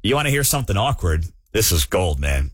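A man hosts a talk radio show, riffing in a sarcastic, mocking way. His pitch swings widely as he talks. The studio sound is dry and close. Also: big pitch swings, fairly quick, slightly rough, no echo. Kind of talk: opinionated talk radio commentary. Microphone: studio microphone.

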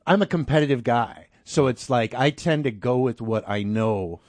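A man's voice: medium pitch, normal speed, a little mellow, dry recording. Chatty man host, encouraging. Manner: chatty, encouraging, filler-heavy. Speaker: radio show host. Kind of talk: casual interview conversation.

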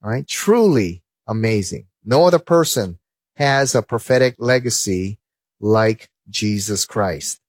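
A man giving a lively Christian apologetics talk, full of stories and rhetorical questions. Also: fairly low pitch, unhurried, dry recording. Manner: animated, storytelling, rhetorical questions.

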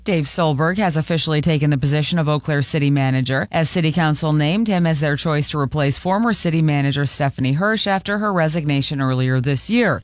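A woman's voice: sits low, dry recording. A woman anchoring local radio news headlines, chatty, with playful asides between stories.

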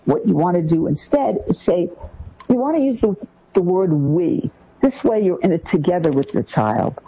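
A woman co-hosting a podcast, giving parenting advice point by point in an animated way. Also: on the low side, normal speed, husky. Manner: animated, lists points one by one. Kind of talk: podcast discussion. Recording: dull lo-fi sound.

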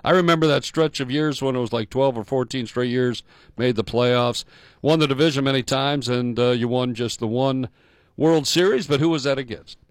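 A man's voice: medium pitch, normal speed, no echo. A man co-hosting a radio talk show, joking in friendly studio banter. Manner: jokey, friendly. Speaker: radio co-host.

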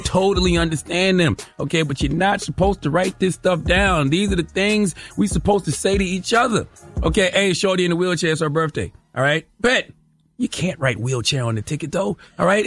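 A male radio host delivering a mocking comedic rant, tossing in "okay?" after every point. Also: on the high side. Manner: animated, mocking, repeats "okay?" often.

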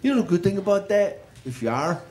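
A man doing self-deprecating stand-up and chatting with the audience, over loud crowd laughter. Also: high-pitched, very animated, fast, slight background noise. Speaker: stand-up comedian. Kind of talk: stand-up routine.

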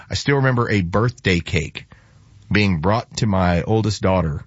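A man in casual talk show chat, speaking heatedly and getting louder when indignant. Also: deep voice, normal speed, no echo, dull audio.

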